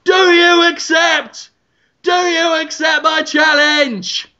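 Brief: high, brassy shouting chef-gladiator, abrasive and swearing, as a man puts him on; dull lo-fi audio. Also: expressive, unhurried, exaggerated voice. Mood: bellowing challenge. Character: brash shouting male celebrity chef gladiator.

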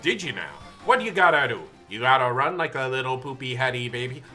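A man's voice: medium pitch, animated, brisk, pushed and bright, faint music behind, pitched below the performer's own voice. A man voicing a smug, pompous male villain boss who taunts the hero, reading game dialogue aloud. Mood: mocking. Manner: mocking, pompous.

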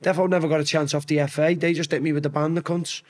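A man's voice: on the high side, level tone, fast talker, darkish tone. A young man with a Scouse accent, a podcast guest telling rambling, sweary stories with acted-out quotes. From Liverpool. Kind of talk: casual storytelling chat.

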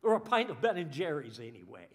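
A man preaching a sermon as pastor, animated, often voicing the people he talks about and repeating his words. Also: fairly high pitch, fast talker.

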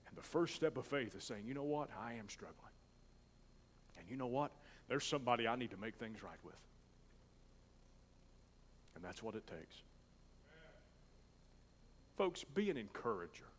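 A male pastor delivers a sermon with strong feeling, swelling into loud declarations and then dropping to almost a whisper. His voice sits at an ordinary middle pitch. A long reverb hangs on every phrase, as in a big church hall. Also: big pitch swings, unhurried, long pauses, a little hiss or hum. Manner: emotional, swinging from loud declaring to soft near-whispers.

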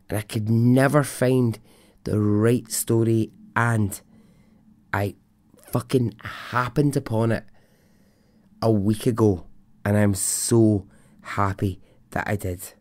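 A man's voice: lowish voice, fairly even intonation, takes it slowly, no room sound, clean studio sound. A Scottish man hosting a storytelling podcast, chatting in an enthusiastic, rambling way with lots of asides. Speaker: podcast host. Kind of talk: casual storytelling podcast chat.

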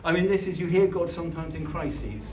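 A man giving a conversational church talk, telling personal stories in an earnest, halting way with frequent restarts. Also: a little high. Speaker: church speaker. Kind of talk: conversational sermon with personal storytelling. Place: church hall. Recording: echoey hall, distant mic, faint hiss.

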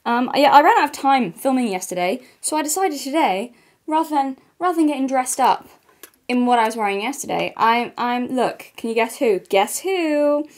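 A woman's voice: sits high, lively intonation, moderate pace, voice pushed up. A woman putting on a put-on American accent to play a vapid, self-pitying rich young female model, drawling with lots of likes and ums. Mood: airy.

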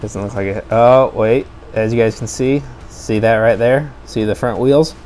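A man casually reviewing toy cars for a video, chatty and enthusiastic, thinking out loud as he goes. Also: on the low side, moderate pace, a little hiss or hum.

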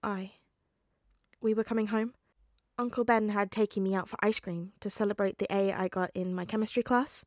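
A woman's voice: mid-range voice, fairly even intonation, moderate pace, dry recording, studio quality, close to an everyday voice. A woman reading a fan story aloud, voicing a nervous, grieving teenage boy who hesitates and trails off with ums.

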